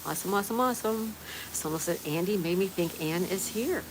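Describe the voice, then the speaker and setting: A woman's voice: medium pitch, brisk, background noise. A woman from Florida hosting a livestream, chatting and reading viewer messages aloud. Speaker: livestream host. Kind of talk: reading live chat aloud. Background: rain ambience.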